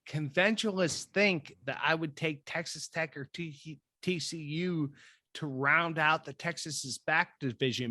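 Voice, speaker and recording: A bright, forceful man's voice, a bit higher than most men, co-hosting a casual podcast. He talks excitably, laughs often, swears freely and stretches words out for emphasis. The sound is dry and close. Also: unhurried, no echo. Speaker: podcast co-host. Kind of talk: casual chat. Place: recorded drinking whiskey with co-host.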